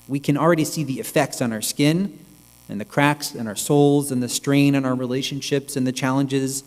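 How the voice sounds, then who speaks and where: A male rabbi giving a reflective, measured sermon, with pauses, in a synagogue sanctuary. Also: mid-range voice. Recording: long reverb with mains hum.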